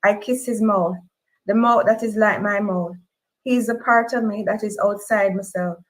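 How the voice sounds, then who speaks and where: A woman with a Jamaican accent reads a novel aloud in a middle-pitched voice. She tells the story in the first person, and her voice rises into high emotional cries in the dialogue. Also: steady tone, normal speed, poor audio. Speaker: reader. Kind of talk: audiobook-style fiction reading.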